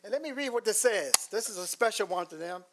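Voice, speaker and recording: A man presenting awards at a public board meeting, speaking formally with some halting pauses. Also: high-pitched, lively intonation, over music.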